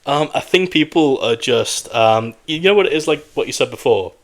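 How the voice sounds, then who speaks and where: A man's voice: mid-range voice, lively intonation, moderate pace. A man hosting a casual podcast chat, teasing his guest with provocative jokes. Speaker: podcast host.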